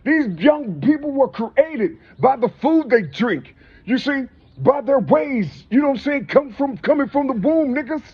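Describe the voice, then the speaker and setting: A man with a high-pitched, raspy voice talks in a loose, preachy monologue, circling back to "you see" again and again. He swears freely and piles up rhetorical questions. The recording sounds muffled and lo-fi. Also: lively intonation, unhurried. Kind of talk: rambling spoken monologue.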